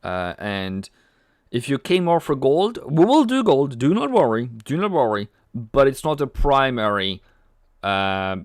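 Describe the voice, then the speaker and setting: A man's voice: mid-range voice, sing-song, measured pace, dry recording, clean studio sound. A man hosting a casual trading livestream, chatty, reading viewer comments aloud and cracking jokes. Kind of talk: casual live-stream chat.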